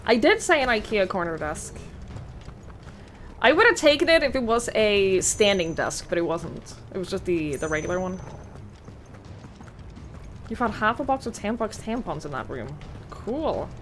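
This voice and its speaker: A woman's voice: mid-range voice, big pitch swings, fairly bright tone, a little hiss or hum. A woman streamer chatting casually while playing a video game, rambling with many "like" fillers. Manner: chatty, rambling, full of "like" fillers, quick laughs.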